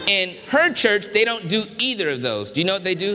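A man's voice: high voice, sing-song, brisk, hardly any pauses, sharp tone, long reverb tail, a little hiss or hum. A middle-aged man from Washington, D.C., preaching a sermon in a church and telling personal stories with humor, varied pacing and emphasis. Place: church sanctuary.

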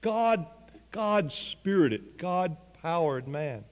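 A man's voice: a little high, expressive, extremely slow, big-room sound, highs cut off. A man preaching a sermon, telling a story earnestly and voicing the people in it. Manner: earnest storytelling with quoted dialogue.

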